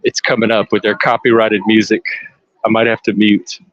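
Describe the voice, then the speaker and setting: A man, casually commenting on a parade live for listeners, excitable and chatty. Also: fairly low pitch, moderate pace, dry recording, muffled recording. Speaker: live stream panelist. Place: outdoors at a street parade.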